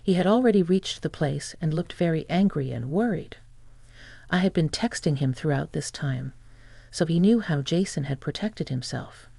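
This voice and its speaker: Woman narrator, drama story, gravelly, husky, dry close sound. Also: low-pitched, expressive, moderate pace, warm tone, no room sound.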